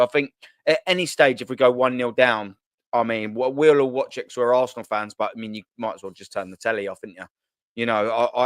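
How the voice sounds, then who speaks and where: A man's voice: medium pitch, dry recording. A man hosting a casual football chat on a video call, joking, swearing and repeating himself. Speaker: host.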